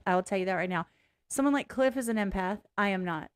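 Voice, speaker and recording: A woman's voice: medium pitch, fast talker, smooth. A woman vlogging casually in a blunt, candid way, swearing freely, rambling and restarting as she talks. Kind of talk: casual reaction vlog.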